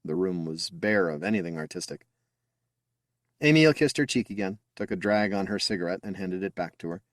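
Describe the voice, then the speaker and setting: Man reading a story aloud, lowish voice, dry close recording. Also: a little fast, dry recording. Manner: expressive storytelling. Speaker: audiobook narrator. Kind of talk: scripted narration.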